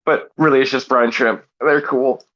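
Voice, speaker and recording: A man's voice: medium pitch, steady tone, normal speed, a bit bright, muffled recording. A man co-hosting a casual podcast, telling a rambling, playful made-up story. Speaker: podcast co-host. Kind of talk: casual chat, improvised movie pitch.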